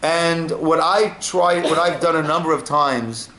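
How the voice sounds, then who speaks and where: A man's voice: fairly high pitch, measured pace, pushed and bright, a little hiss or hum. A man teaching an informal class as a rabbi, telling stories and checking in with "right?" asides. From United States. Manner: storytelling, frequent "right?" asides. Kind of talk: informal Torah class talk. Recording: echoey room with faint ambience.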